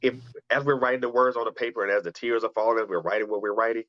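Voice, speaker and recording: A man's voice: medium pitch, steady tone, rapid-fire, no room sound, dull audio. A man hosting a radio talk show, speaking earnestly and often restarting his phrases as he reflects. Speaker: radio show host and poet. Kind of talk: conversational talk, then spoken-word poetry.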